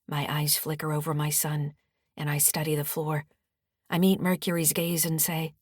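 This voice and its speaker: Low-voiced woman narrating an audiobook. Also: flat delivery, moderate pace, no echo, clean studio sound. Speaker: author narrating her own audiobook. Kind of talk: first-person audiobook narration.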